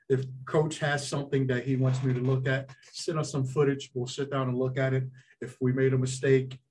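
A man appearing as a sports official guest, giving calm, measured advice in casual interview talk. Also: medium pitch.

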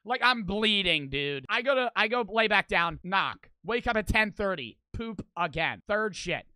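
A young man telling a story to camera, animated and crude, swearing nonstop and repeating his punchlines. His voice is bright and sharp-edged. The recording is close and dry. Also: high voice, measured pace, smooth, no room sound. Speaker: streamer.

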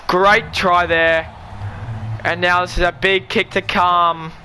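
A man commentating his own rugby video game live, excitable and pleading with his players. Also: high-pitched, slow, slight background noise. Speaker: gaming YouTuber.

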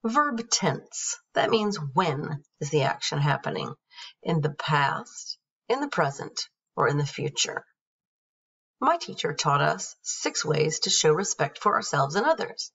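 Slow, patient woman teacher, gravelly and husky. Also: low voice, sing-song, a bit bright. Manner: patient, spells words letter by letter. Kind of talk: explaining a grammar worksheet. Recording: dull, distant screen-recorded audio.

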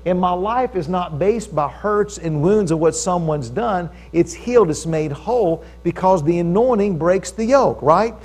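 Man, high-pitched, church sermon, conversational, stresses key phrases. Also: expressive, unhurried, few pauses, a little mellow. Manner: conversational preaching, stresses key phrases, often asks the audience for agreement. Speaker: preacher. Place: church service with audience.

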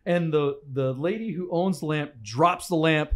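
A man with a fairly high voice co-hosts a casual podcast from a studio. He tells stories with energy and acts out the scenes as he goes. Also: a little slow. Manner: animated storyteller, acts out scenes. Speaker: podcast co-host. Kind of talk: casual chat.

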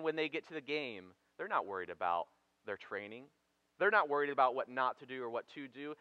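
A man delivers a sermon in a bright, fairly high voice, mixing jokes with earnest points and moving from hushed to emphatic. The recording is dry and slightly dull, like a church feed. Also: no echo. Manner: conversational preaching, jokey asides, swings from quiet to emphatic. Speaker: pastor.

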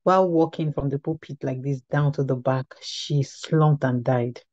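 A woman's voice: rumbling low, fairly even intonation, moderate pace, darkish tone, no room sound. A woman teaching at a women's ministry, telling a testimony in an earnest storytelling way that often repeats and restarts phrases. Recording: slightly dull lo-fi recording.

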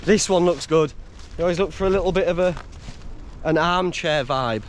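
A man's voice: fairly high pitch, normal speed, a little hiss or hum. Chatty man out in the woods. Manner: enthusiastic, swears, chatty with his dog. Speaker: outdoors vlogger. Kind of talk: casual outdoor vlog talk. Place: outdoors in woods.

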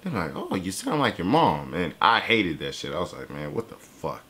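Young male reaction host, low voice with a sharp edge, casual and cussing. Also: moderate pace. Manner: loose, profane, animated talk with laughs.

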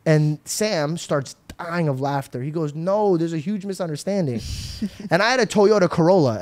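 A young man hosting a podcast, telling a story in a casual, animated way, swearing often. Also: fairly high pitch. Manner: animated, swears a lot, acts out quotes. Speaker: podcast host.

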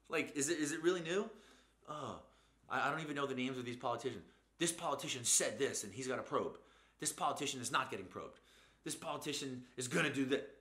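A man's voice: medium pitch, fast talker, pushed and bright, roomy sound. A man hosting a profane motivational rant, blunt and mocking, swearing constantly as he lectures. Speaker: host.

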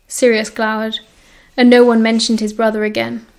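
A woman with a British accent narrating an audiobook in a steady storytelling manner. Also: on the high side, moderate pace. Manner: steady storytelling, voicing characters.

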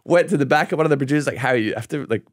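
A young man chatting as a guest on a podcast, his pitch sitting right in the middle. He tells his stories with animation, swearing freely and acting out what people said. The sound is close and dry. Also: very fast, dry recording. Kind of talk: casual chat.

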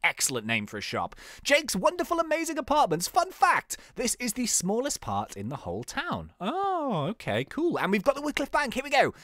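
Playful gaming commentator with swooping pitch. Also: male voice, wildly swooping pitch, moderate pace, few pauses, a bit bright, dry recording, clean studio sound. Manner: playful, jokey, laughs at own jokes, wildly swinging pitch. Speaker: gaming YouTuber. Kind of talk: casual gameplay commentary.

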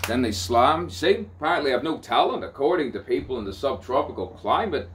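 A man's voice: medium pitch, expressive, normal speed, a bit bright, recorded from a distance. A man, a self-described poet and playwright, delivering a rambling spoken-word monologue, repeating phrases, swearing freely and breaking into song. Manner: repetitive, theatrical, swears freely.

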